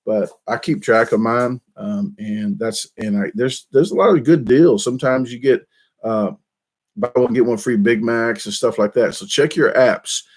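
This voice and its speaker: A man chats loosely to his viewers in a middle-pitched, everyday voice, rambling and restarting his sentences. He pokes fun at himself as he goes and speaks into a desk microphone. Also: normal speed, darkish tone. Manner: rambling, self-deprecating, with frequent restarts. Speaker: YouTube channel host. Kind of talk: casual rambling chat.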